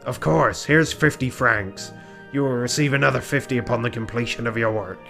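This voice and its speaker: A man voicing a stern male bird police inspector in a game, with a brisk, commanding manner. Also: mid-range voice, gravelly, bright, forceful tone, faint music behind.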